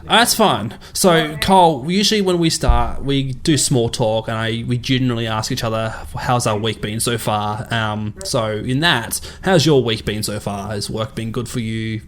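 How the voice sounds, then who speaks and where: A man's voice: mid-range voice, moderate pace, few pauses, a bit bright. A man co-hosting a casual podcast, loose and joking, laughing often. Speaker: podcast co-host. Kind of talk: casual chat.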